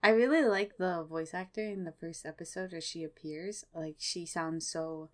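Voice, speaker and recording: A woman's voice: lowish voice, normal speed. A woman co-hosting a casual anime podcast, giggly and playful. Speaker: podcast co-host. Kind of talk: casual anime recap chat.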